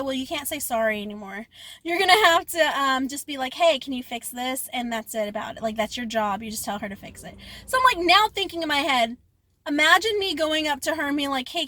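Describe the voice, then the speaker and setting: A woman's voice: high-pitched, bright, forceful tone, no echo. A young woman telling a story to the camera in a chatty, emotional way, full of "like" fillers. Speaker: vlogger. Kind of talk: casual storytime vlog.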